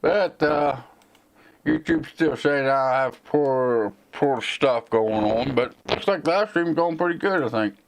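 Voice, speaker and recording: A man's voice: medium pitch, unhurried. Rambling Southern American man, slight slur. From United States. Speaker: tech channel host. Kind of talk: live stream Q&A chat.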